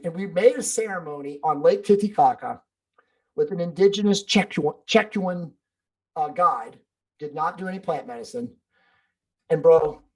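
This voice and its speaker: A man's voice: high-pitched, low-quality recording. A man as a podcast guest, talking in a blunt, emphatic way, swearing and calling the host bro and dude. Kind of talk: casual interview talk.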